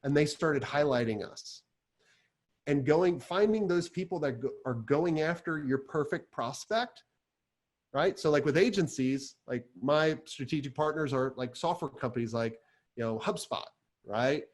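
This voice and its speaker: A man giving a live talk to an audience as an agency coach, chatty and energetic, full of fillers as he tells stories. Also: on the high side, a little slow.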